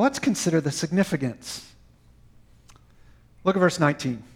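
A man preaching a sermon, swinging from emphatic lines to soft, quiet phrases. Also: a little high. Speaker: pastor.

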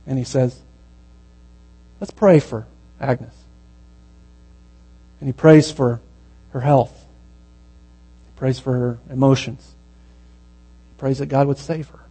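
A man preaching a sermon, telling a story in a conversational way and dropping to a hushed, slow voice at its tender moments. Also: mid-range voice, fairly even intonation, poor audio.

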